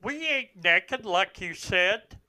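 A man's voice: high voice, lively intonation, slow, sharp tone, heavily acted. A man voicing a dim-witted, naive rural man, talking in folksy, ungrammatical banter on a comedy podcast. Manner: folksy ungrammatical drawl, literal-minded.

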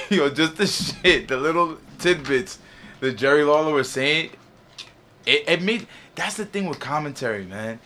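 A man co-hosting a casual podcast, talking in an animated, slangy way and laughing often. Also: fairly high pitch, a little slow, slight background noise. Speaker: podcast co-host. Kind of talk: casual chat.

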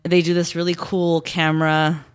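A young woman talks through the plot of a show in a relaxed, chatty way, slipping into quoted lines from the characters and laughing often. Her voice sits a little low for a woman. The recording is dry and close, with no room sound. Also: moderate pace, smooth, no echo. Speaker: podcast co-host recapping a TV show. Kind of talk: casual chat.

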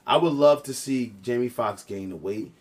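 Regular mid voice guy on a podcast, thinks out loud, hedges, trails off soft. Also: mid-range voice, normal speed. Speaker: podcast co-host. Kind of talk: casual chat.

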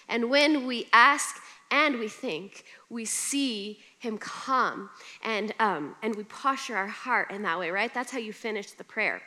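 A woman's voice: fairly high pitch, sharp tone. A young woman preaching a sermon, telling personal stories in a conversational, humorous way. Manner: conversational storytelling with humor and laughter.

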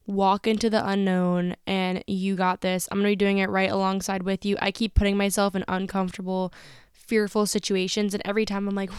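A woman's voice: medium pitch, flat delivery, moderate pace, clean tone, dry recording, clean studio sound. A young woman hosting a podcast, giving candid, motivational advice in casual slangy talk. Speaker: podcast host.

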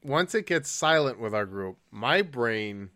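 A man's voice: mid-range voice, expressive, measured pace, bright, forceful tone. A man co-hosting a podcast in casual chat, rambling and laughing at his own stories. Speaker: podcast co-host.

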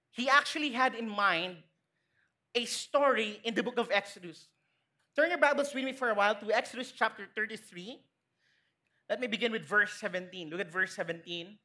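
A woman's voice: medium pitch, pushed and bright. A woman with a Filipino accent preaching a sermon, asking the congregation questions and acting out quotes.

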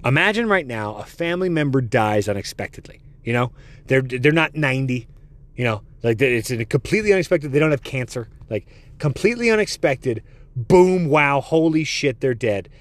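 Animated, foul-mouthed man. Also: medium pitch, normal speed. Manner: profane, rambling and excitable. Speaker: podcast host. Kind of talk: comedic podcast monologue.

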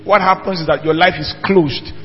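High-voiced emphatic preacher man. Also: steady tone, normal speed, faint music behind. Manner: emphatic, rhetorical questions to the congregation. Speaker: pastor. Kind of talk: sermon. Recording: dull lo-fi church hall recording with long reverb.

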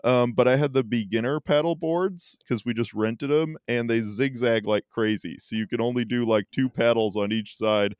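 A chatty man co-hosts a casual podcast and tells rambling stories. His voice is smooth and crisp, with a medium pitch. It is recorded dry and close. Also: moderate pace, few pauses, darkish tone, no room sound. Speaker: podcast co-host.

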